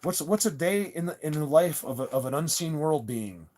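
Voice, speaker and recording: A man's voice: fairly high pitch, animated, normal speed, a little mellow, a little hiss or hum. A man hosting a casual livestream chat, rambling and insistent, with many restarts and repeated words as he talks to his viewers. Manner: earnest and insistent. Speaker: channel host talking to live chat viewers.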